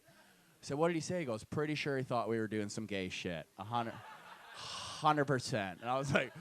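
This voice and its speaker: Young male stand-up host, slightly high voice, loose profane storytelling, live venue. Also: lively intonation, a little fast, fairly bright tone. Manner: loose, profane storytelling with many "right?" tags. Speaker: stand-up comic and show host. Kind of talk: stand-up set with crowd work. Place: comedy night venue with live audience.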